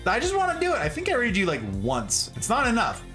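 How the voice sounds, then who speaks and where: A man chatting casually on a live stream, effusive and quick to laugh as he greets his viewers. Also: extremely high pitch, wildly swooping pitch, pushed and bright, faint music behind.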